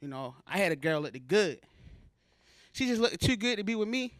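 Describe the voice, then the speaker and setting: A man's voice: sits high, very animated, brisk, no echo, studio quality. A man from Baltimore performing a stand-up comedy set on stage, talking in a loose, conversational, self-mocking way. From Baltimore, USA. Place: comedy show stage before a live audience.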